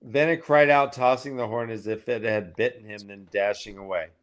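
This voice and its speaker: A man co-hosting a casual book-club show, recapping chapters with animated storytelling and jumping into high mocking character voices. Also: normal speed. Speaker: podcast co-host recapping chapters.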